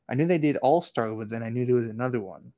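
A man's voice: mid-range voice, fast, no echo. A man in casual chat, joking and rambling, often repeating his words as he stumbles along. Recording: slightly dull, dry recording.

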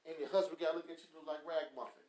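A man's voice: on the high side, steady tone, fast talker, darkish tone. A man, hosting a podcast with a blunt, scolding motivational rant that mocks people with quacking. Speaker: podcast host. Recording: echoey room.

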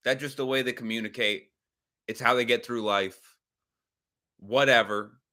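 A man's voice: medium pitch, fairly even intonation, measured pace, bright, forceful tone. A man hosting a podcast livestream, rambling casually with some swearing and reacting to chat comments. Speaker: podcast host.

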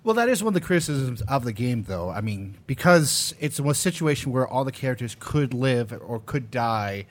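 A man co-hosting a casual chat, telling stories in an animated way and swearing freely. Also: medium pitch, moderate pace, hardly any pauses.

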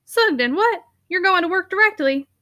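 A woman voicing a nimble, keen older male rector who fires off brisk, commanding questions. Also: very high voice, expressive, pushed and bright, no room sound, studio quality, pitched above the performer's own voice, exaggerated voice.

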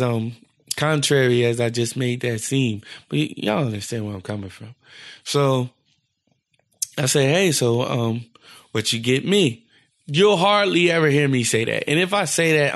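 A man's voice: medium pitch, gravelly. A young man, a podcast co-host, telling a rambling story and acting out the quotes in casual chat. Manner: animated, rambling, acts out quotes.

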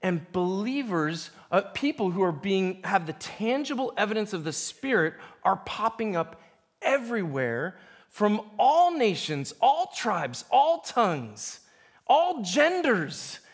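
A man preaching a sermon as a pastor, animated and playful, acting out quoted voices. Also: high voice, slow. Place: church.

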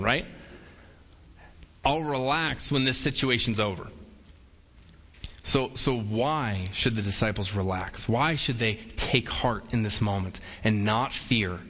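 A pastor preaches from the pulpit in a lowish, bright, forceful voice, speaking slowly with long pauses. His delivery is relaxed and conversational, with playful quoted voices, and the long reverb of a large church hall surrounds him.

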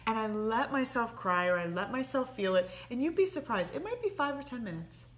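A woman on a talk show giving earnest, animated advice, sometimes dropping soft and low. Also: fairly quick. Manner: earnest, animated, dips soft and low when quoting inner thoughts. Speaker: therapist guest. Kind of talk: casual advice chat.

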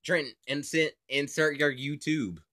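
A man's voice: a little high, fairly even intonation, measured pace, bright, forceful tone. A man hosting a casual, unscripted podcast who jokes around, rambles and laughs often. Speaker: podcast host. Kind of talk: casual improvised podcast chat.

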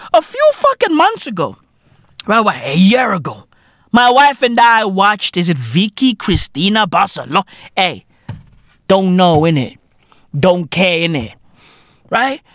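A man with hosting a comedy podcast, giving a profane monologue full of "bruv" and "innit" and shouting some bits. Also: sits high, no echo, studio quality. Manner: profane slangy banter, frequent "bruv" and "innit".

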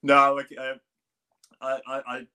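A man's voice: medium pitch, monotone, a little slow, pushed and bright, clean tone. A middle-aged man with a strong Australian accent, a swim coach chatting as a guest, rambling with many restarts. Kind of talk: casual interview chat.

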